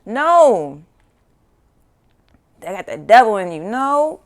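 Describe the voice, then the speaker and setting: A woman's voice: fairly high pitch, big pitch swings, slow. A woman giving a casual spiritual teaching talk, loose and conversational, with frequent swearing and asides. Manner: loose and conversational, with frequent swearing and "you know what I'm saying"; breaks into laughter and sing-song asides.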